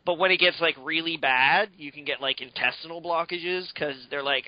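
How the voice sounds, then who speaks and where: Guy rambling on a podcast, kinda high voice, dry dull lo-fi sound, swears a lot. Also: normal speed, no room sound. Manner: rambling, swears freely, lots of fillers. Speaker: podcast co-host. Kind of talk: casual chat.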